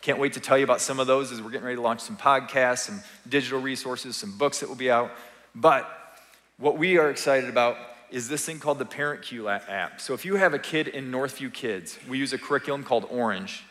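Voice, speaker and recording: A man's voice: mid-range voice, fast, fairly bright tone, long reverb tail. A man speaking as a family pastor, giving an earnest, encouraging, conversational sermon. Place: church sanctuary.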